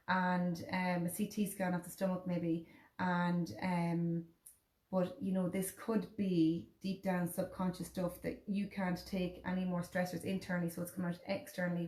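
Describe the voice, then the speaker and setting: A woman's voice: lowish voice, little pitch movement, moderate pace, darkish tone, roomy sound. A woman in her thirties with an Irish accent, chatting casually and telling a personal story, acting out what others said. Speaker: host. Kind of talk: casual chat.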